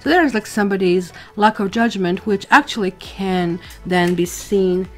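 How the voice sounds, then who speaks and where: A woman's voice: mid-range voice, moderate pace, faint music behind. A woman giving a casual monthly tarot reading, rambling and correcting herself as she talks straight to the viewer. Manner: chatty, rambling with asides and self-corrections. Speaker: tarot reader. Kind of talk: casual astrology reading to camera.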